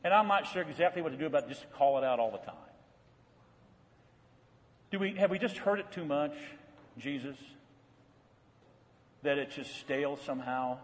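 A male pastor delivers a sermon in a high voice, mixing folksy, homespun stories with earnest, quiet appeals. The sound rings with the long reverb of a large hall. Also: expressive, normal speed, pauses often. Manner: storytelling, folksy, dropping low for earnest points.

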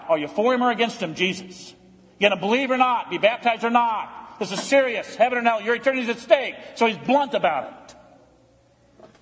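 A man preaching a sermon as pastor in a church, blunt and emphatic, swinging from loud calls to hushed pleading. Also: high voice. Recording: church hall reverb.

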